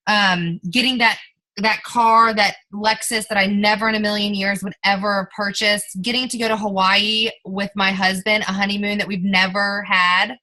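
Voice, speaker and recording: A woman's voice: mid-range voice, level tone, normal speed, sharp tone, low-quality recording. A young woman giving an emphatic motivational training talk to her team, coaching and addressing listeners directly.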